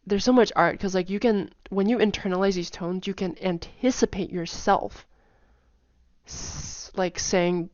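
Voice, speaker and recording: A woman's voice: mid-range voice, fairly even intonation, measured pace, a little mellow, no room sound. A woman giving a casual spoken lesson, chatty with many fillers, repeating example phrases over and over. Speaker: language teacher. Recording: dull, dry home recording.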